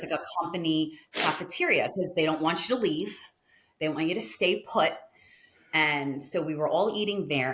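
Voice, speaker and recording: Low-voiced woman telling an animated story. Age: 40s. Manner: animated, chatty storytelling with frequent laughs. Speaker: restaurateur guest. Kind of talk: casual storytelling interview.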